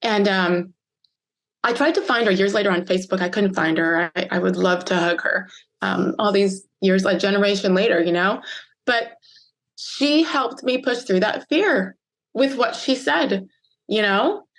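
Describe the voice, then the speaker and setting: A woman in her fifties from the United States, telling a personal story as a podcast guest, earnest and emotional with pauses. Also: medium pitch. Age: 50s. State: choked up.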